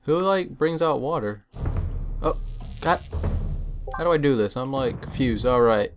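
A young man giving casual let's-play commentary, full of excited, puzzled exclamations. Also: medium pitch, a little slow. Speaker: gameplay commentator. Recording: game music under voice.

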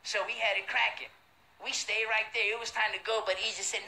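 Profane, animated man. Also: high-pitched, fairly quick. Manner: loud, profane, acts out the other people's voices. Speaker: show host telling a story. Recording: roomy echo.

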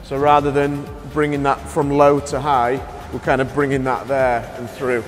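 A man's voice: mid-range voice, monotone, moderate pace. A man, a strength and conditioning coach, who explains sprint mechanics and keeps affirming with "yeah". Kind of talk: coaching interview chat. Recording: reverberant space with faint music.

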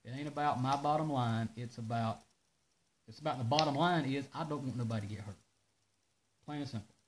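A man hosting a casual live stream, ranting in an animated way and reading out viewer comments. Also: mid-range voice, brisk, slight background noise, low-quality recording. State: out of breath. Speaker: host of a live parts-shop video.

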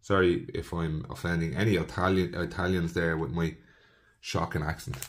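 A man's voice: low voice, little pitch movement, normal speed. A young man giving casual commentary while opening trading card packs, rattling off player names and talking to viewers as "folks.". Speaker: trading card box breaker.

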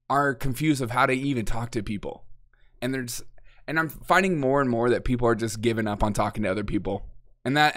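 A man's voice: mid-range voice, fairly bright tone. Mocking, exasperated male commentary host. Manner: mocking, exasperated, laughs often and acts out quotes. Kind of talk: casual opinion monologue.

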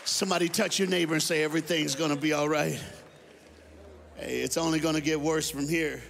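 A man guest-preaching at a church service, telling stories and calling on the congregation to respond, swinging from shouts to hushed tones. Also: fairly high pitch, steady tone, brisk, vocal fry, some chatter behind, a little hiss or hum. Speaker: guest speaker. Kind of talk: sermon.

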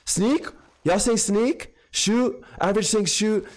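A young man streaming a video game live, chatting excitably in slang with his viewers. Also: sits high, slow pace. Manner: excitable slangy banter with chat.

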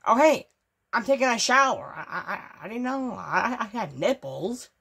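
A woman's voice: fairly high pitch, normal speed, vocal fry, husky. A woman hosting a gaming channel, talking casually over gameplay, stammering and repeating herself, swearing and easily riled. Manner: stammering, repetitive, profane, excitable.

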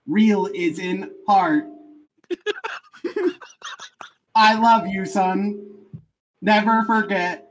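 Someone doing a flat robotic text-to-speech stepdad. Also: female voice, medium pitch, very slow, pauses often, noisy background. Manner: flat, clipped robotic phrasing. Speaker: improv player.

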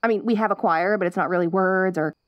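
A woman's voice: medium pitch, quick pace, no room sound, lo-fi sound, close to an everyday voice. A young woman voicing a perky, curious wolf girl in an ASMR role-play, bubbly and giggly with restless chatter.

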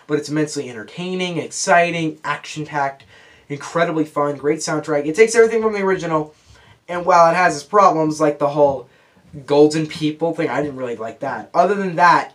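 A young man gives a loose, off-the-cuff movie review, talking to the camera with a voice that sits a little high. He rambles and fills pauses with "um" and "uh", jumping from thought to thought. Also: fairly bright tone. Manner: rambling and chatty, many fillers. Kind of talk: casual video review.

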